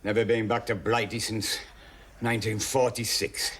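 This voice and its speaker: An actor playing a stubborn, bitter old man from Darlington who is dying in hospital and speaks with a Northeast English accent, gruff, curt and short of breath. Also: lowish voice, level tone, moderate pace, a bit bright, a little hiss or hum. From Darlington, northeast England. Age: older. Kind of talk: television drama acting.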